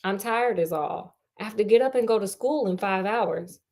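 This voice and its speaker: A woman's voice: medium pitch, normal speed, darkish tone, natural voice. A woman reading the lines of a tired teenage boyfriend who dodges his girlfriend's questions. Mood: evasive. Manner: tired, evasive.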